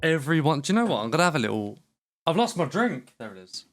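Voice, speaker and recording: A man's voice: fairly high pitch, very animated, fast talker, faint music behind. A British man hosting a casual podcast, joking around, laughing often and swearing casually. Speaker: podcast host. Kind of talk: casual chat.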